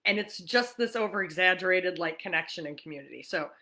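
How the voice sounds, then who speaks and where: A woman's voice: lowish voice, fast talker, sharp tone. A woman from New York hosting a casual livestream chat, chatty and greeting viewers by name. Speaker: livestream host.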